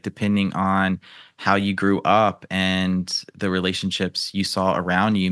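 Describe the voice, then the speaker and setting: Low-voiced guy hosting a podcast, rambling chatty questions, dry close sound. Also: a bit bright, smooth, dry recording. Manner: rambling questions full of fillers. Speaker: podcast host. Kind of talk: casual interview chat.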